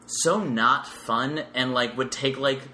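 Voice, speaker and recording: A man's voice: medium pitch, slow pace, bright, forceful tone, slight background noise. A man on a podcast clip, chatting animatedly and reading bits aloud with laughing disbelief. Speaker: podcast guest.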